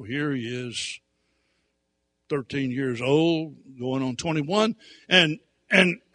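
A man preaching through a personal story, animated, dropping to quiet asides and rising to loud emphatic outbursts. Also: medium pitch, breathy edge. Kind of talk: storytelling sermon.

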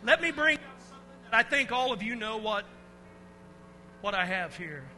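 Man, children's pastor, very high voice, animated storyteller, hushed to shouting, call-and-response, long hall reverb. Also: moderate pace, faint music behind.

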